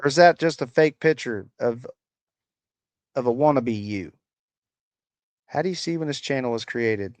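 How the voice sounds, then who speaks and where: Speaking at normal speed with frequent pauses, a man with a mid-range voice hosts a livestream from rural America, swearing and ridiculing commenters in his loose, rambling reactions. The audio has no echo.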